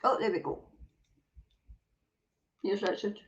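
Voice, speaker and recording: A woman's voice: mid-range voice, steady tone, muffled recording. A Scottish woman hosting a casual livestream chat, ranting and swearing as she reads out viewer comments. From Scotland. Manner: ranting and sweary, quick to flare up. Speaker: livestream show host.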